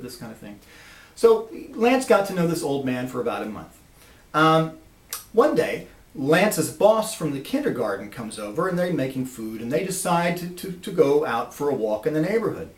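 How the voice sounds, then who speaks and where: A man telling a personal story in a lively, animated way, recorded from a distance in an echoey room. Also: on the high side. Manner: animated, lively, acts out voices.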